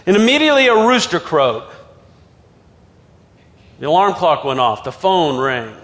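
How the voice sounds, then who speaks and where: A man preaching a sermon as a pastor, telling the story dramatically and swinging from loud outbursts to hushed near-whispers. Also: sits high, lively intonation, a little fast, big-room sound.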